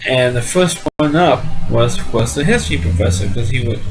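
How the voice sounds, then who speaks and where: A man's voice: mid-range voice, animated, a little fast, music in the background, rough recording. A man casually retelling a comedy film's scenes, rambling with frequent restarts and fillers. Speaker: amateur movie reviewer. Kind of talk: casual movie recap.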